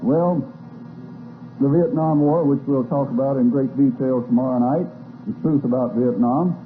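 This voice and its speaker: A man's voice: mid-range voice, moderate pace, soft background music. An older man giving a lecture to a live audience, telling stories with wry, folksy asides. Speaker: speaker. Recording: tinny phone-like old tape with faint hiss.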